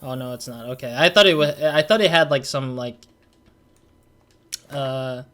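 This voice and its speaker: A young man casually commenting on his game, excitable and rambling, with many fillers. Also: medium pitch, normal speed. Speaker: gaming channel host. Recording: noisy home recording with game audio behind.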